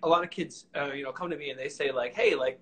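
A man's voice: on the high side, quick pace, fairly bright tone, low-quality recording. A man hosting a casual video call chat, laid-back and agreeable, using casual slang. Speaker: host horn player.

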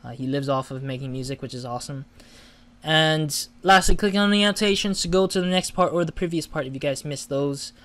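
A man's voice: on the high side, fast talker, few pauses. A man hosting a gaming channel, giving casual let's-play commentary, chatty and flustered when he loses.

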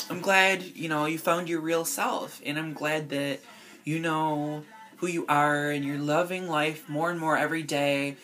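A woman's voice: low voice, fairly bright tone. A young woman talking straight to camera in a casual vlog, gushing and effusive, peppering her talk with "like" and "girl". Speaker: vlogger.

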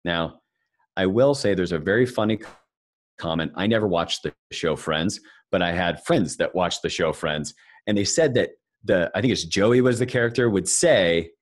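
In a live financial seminar, a man with a low voice speaks at a moderate pace to his audience. He keeps things conversational and throws in jokes.

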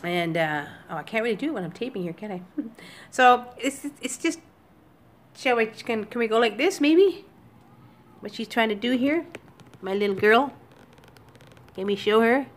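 A woman talking to her viewers in a casual daily vlog from home, emotional and teary, speaking haltingly with many restarts into a computer webcam. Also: fairly high pitch, animated. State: upset and teary. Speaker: vlogger. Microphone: computer webcam recording.

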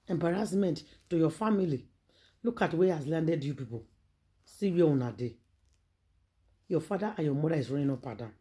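Nigerian accent gossip vlogger, warm mellow voice, preachy dramatic storytelling, lots of rhetorical questions. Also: medium pitch, lively intonation, brisk, long pauses.

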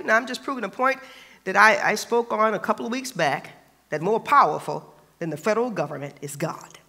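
A man's voice: high-pitched, a little fast, sharp tone, in a large hall. A man pastor preaching a sermon, emphatic and colloquial, repeating phrases for stress.

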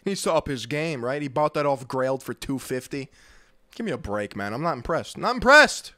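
A man's voice: mid-range voice, a little fast, dry recording. A man hosting a comedic reaction video, mocking what he watches with exaggerated jokes and bursts of laughter.

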